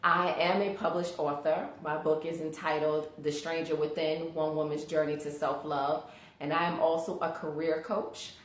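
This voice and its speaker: A woman's voice: deep voice, flat delivery, normal speed, reverberant. A woman career coach hosting a casual live stream, chatty and greeting viewers by name, sleepy from allergies.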